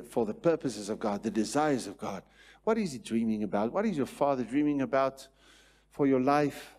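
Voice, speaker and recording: A man preaching a sermon in church, swinging between hushed passages and loud, repetitive declarations. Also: lowish voice, husky. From South Africa. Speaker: pastor.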